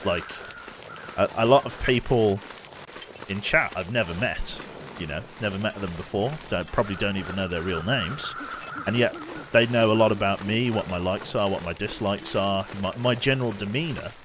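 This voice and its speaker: Low-voiced man chatting on stream. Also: normal speed, noisy background. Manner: rambling, self-correcting, swears casually. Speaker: game streamer. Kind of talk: casual live-stream chat while gaming.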